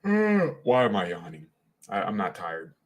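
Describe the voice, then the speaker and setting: A man's voice: low voice, normal speed. A man hosting a casual live match watchalong as a fan, talking in an opinionated, rambling and slangy way. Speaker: fan channel host.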